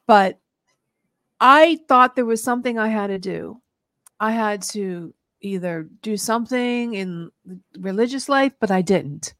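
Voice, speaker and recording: A woman's voice: mid-range voice, unhurried, a bit bright, no room sound, studio quality. A woman hosting a radio talk show, telling a personal faith story in an earnest, rambling way with many restarts. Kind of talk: casual radio interview, personal testimony.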